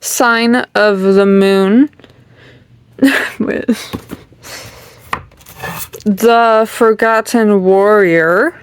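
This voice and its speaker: Young female vlogger, casual and rambly, unhurried delivery with lots of ums and giggles; mid-range voice. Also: medium pitch, fairly even intonation, slight background noise. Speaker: channel host. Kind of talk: casual bookshelf tour.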